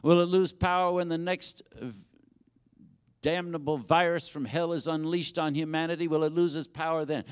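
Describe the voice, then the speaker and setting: A man's voice: a little high, moderate pace, clean tone. A man pastor preaching a sermon and leading a prayer, with rising intensity and fervent repetition. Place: church sanctuary.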